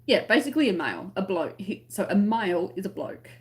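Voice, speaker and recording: A chatty Australian woman on a relaxed livestream, reading out viewer comments and explaining everyday words. She talks in a loose, giggly way, pitched in the middle for a woman. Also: brisk. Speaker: crochet livestream host.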